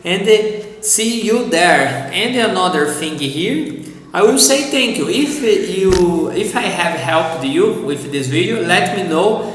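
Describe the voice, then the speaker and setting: Slow-talking Brazilian man in echoey room. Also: high-pitched, lively intonation, a bit bright, slight background noise. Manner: patient, repeats words slowly for practice. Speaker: Portuguese teacher. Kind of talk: online language lesson. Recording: very echoey room with long reverb.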